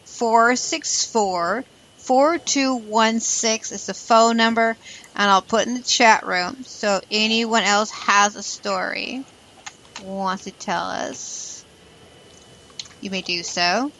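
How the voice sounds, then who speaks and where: A woman's voice: medium pitch, slow, a bit bright, rough recording. A woman hosting a casual podcast, chatty and a bit scattered, laughing between lines. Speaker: host.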